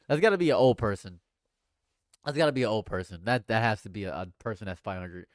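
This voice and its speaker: A young man doing live reaction commentary, jumping between loud exclamations and low repeated mutters while bantering with his chat. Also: animated, quick pace, dry recording, clean studio sound. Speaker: livestream commentator.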